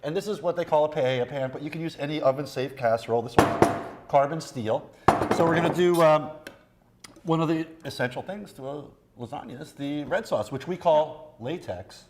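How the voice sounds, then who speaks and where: A man with a slightly high voice cooking on a TV studio set. He talks in a loose, joking, rambling way, wandering into stories as he works. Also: a little fast, a little hiss or hum. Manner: jokey, rambling storyteller. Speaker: guest chef. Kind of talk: cooking demo chat. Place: TV studio kitchen.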